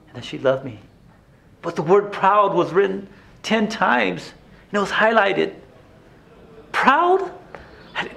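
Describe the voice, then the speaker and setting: Here an actor voices a haunted male prisoner revisiting a painful youth, halting through a theatrical monologue and stammering as he restarts. The delivery is bitter, in a high, fairly bright voice with vocal fry.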